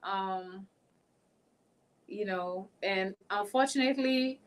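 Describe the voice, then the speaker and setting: Female guest, anecdotal and emphatic, mid-pitched. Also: takes it slowly, poor audio. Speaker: panel guest. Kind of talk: casual panel talk.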